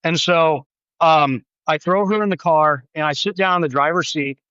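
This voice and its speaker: A man in his thirties, a podcast guest telling a story in casual chat, animated and acting out quoted voices with big pitch jumps. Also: moderate pace, clean tone, no echo, dull audio.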